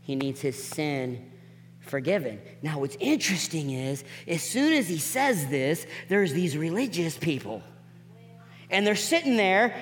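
Male preacher, higher register, lively storytelling delivery that drops soft for emphasis, in a church hall with a long reverb. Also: a little hiss or hum. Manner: animated, acts out the people in the story with quick voice changes; drops to soft, quiet emphasis on key points. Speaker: pastor. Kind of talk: sermon.

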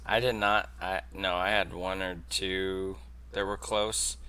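Low voice guy, sharp bright tone, joking around in a chat. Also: little pitch movement, slow pace, clear, resonant tone. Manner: joking interjections. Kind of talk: casual chat.

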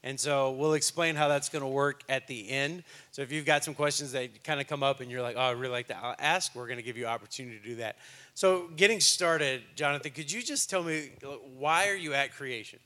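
A man's voice: mid-range voice, a little fast, pushed and bright. A man hosting a casual interview, setting it up and prompting his guest in an upbeat, friendly way.

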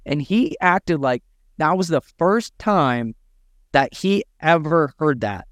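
A man's voice: a little high, animated, takes it slowly, no room sound, clean studio sound. A man co-hosting a business podcast, talking emphatically and acting out quoted lines as he gives advice to gym owners. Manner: emphatic, preachy, acts out quotes. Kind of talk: energetic business podcast talk.

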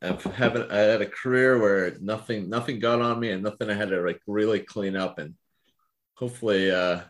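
A man with a fairly low voice chatting casually about his clinic days. He rambles, circling back through fillers and restarts as he tells a story. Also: fairly even intonation, a little fast. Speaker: physical therapist, podcast co-host.

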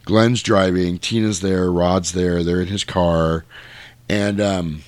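A low-voiced man animatedly retells a film's plot in casual chat, slipping into the characters' lines. The sound is dry and close, with no room around it. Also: steady tone, slow, clean tone, dry recording. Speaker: podcast co-host. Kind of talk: casual movie recap chat.

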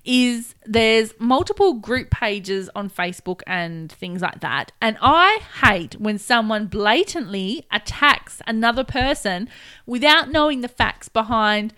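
A woman's voice: a little high, expressive, a little slow, sharp tone, clean tone, dry recording. A woman co-hosting a podcast in casual chat, frank and opinionated, laughing easily. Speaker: podcast co-host.

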